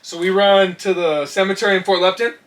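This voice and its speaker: A man co-hosting a casual comedy podcast, telling stories with lots of swearing and bursts of shouting. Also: high-pitched, steady tone, fairly quick, slight background noise. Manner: profane storytelling, shouts when acting out scenes. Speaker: podcast co-host.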